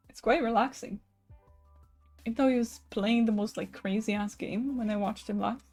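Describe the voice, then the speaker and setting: A young woman hosts a live stream and chats loosely with her viewers, greeting them and telling stories between card readings. She laughs easily and drops casual swears. Soft music plays faintly behind her. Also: a little high, unhurried, pauses often.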